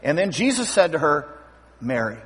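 Husky man preaching in an echoey hall. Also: fairly high pitch, moderate pace. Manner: animated, acts out scripture scenes with voices. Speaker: pastor. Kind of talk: sermon. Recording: long hall reverb.

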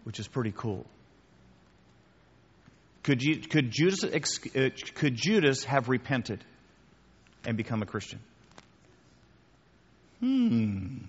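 Casual preacher in an echoey hall. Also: male voice, medium pitch, big pitch swings, slow pace, pauses often, breathy edge. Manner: conversational, repeats key phrases, addresses listeners as guys. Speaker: pastor. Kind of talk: sermon with audience questions. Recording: muffled sound with long hall reverb.

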